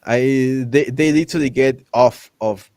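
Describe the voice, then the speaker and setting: A man hosting a casual chat, ranting in an animated way and acting out characters' lines with exaggerated voices. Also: mid-range voice, unhurried, no room sound. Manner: loose, repetitive restarts while ranting. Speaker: podcast host.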